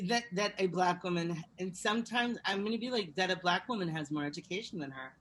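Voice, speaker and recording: Woman co-host, animated casual chat. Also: fairly low pitch, brisk. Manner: animated, asks co-hosts questions. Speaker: podcast co-host.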